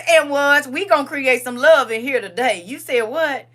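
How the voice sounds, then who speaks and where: An older woman talks casually with her livestream viewers in a bright, forceful voice. She is chatty and emphatic, repeats her phrases, and reads comments out loud as she goes. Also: high voice, moderate pace, few pauses. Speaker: livestream host.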